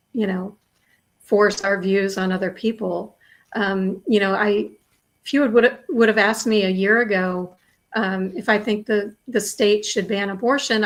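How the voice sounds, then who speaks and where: A woman speaking as a guest on a podcast, earnest and measured, with frequent "um" and "you know" fillers. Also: medium pitch. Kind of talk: casual conversational interview.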